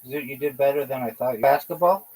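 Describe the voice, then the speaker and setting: A man's voice: medium pitch, normal speed, a little mellow, low-quality recording. A man hosting a livestream, chatting casually and teasing his friend in a playful way. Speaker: livestream host. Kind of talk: casual chat.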